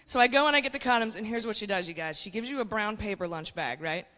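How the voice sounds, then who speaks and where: Brash woman stand-up in her 40s, bright edge, hall reverb on a handheld mic. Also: mid-range voice, quick pace. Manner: brash, conspiratorial, addresses the crowd. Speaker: stand-up comedian. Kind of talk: stand-up comedy set.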